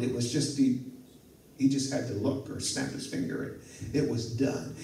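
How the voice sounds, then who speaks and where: A male pastor preaching a sermon, telling a story in a lively way, acting out the dialogue and chuckling at his own asides. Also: mid-range voice, a little hiss or hum. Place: church sanctuary. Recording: echoey church hall from far off.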